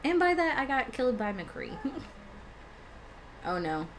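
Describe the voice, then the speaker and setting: A young woman live-streams a game and chats casually with her viewers, laughing often and swearing freely. Her voice sits high with big pitch swings, and she talks a little slowly. Faint background noise can be heard.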